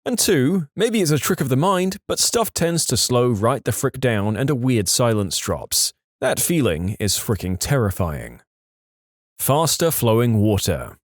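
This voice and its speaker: A man narrating online stories for a podcast, with a lively, playful delivery and voiced quotes. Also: medium pitch, measured pace, no echo, clean studio sound. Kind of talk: reading online stories aloud.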